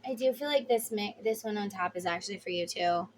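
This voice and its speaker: Chatty and emphatic, this woman does a casual tarot reading for her viewers and sometimes turns blunt and swears. She speaks briskly in a mid-range voice over slight background noise.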